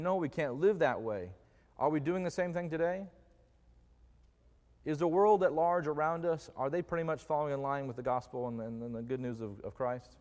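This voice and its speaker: A man with a somewhat high voice preaches in a church sanctuary, his words trailing off in a long hall reverb. He keeps it conversational and jokey, quizzing the congregation as he goes. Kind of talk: conversational sermon.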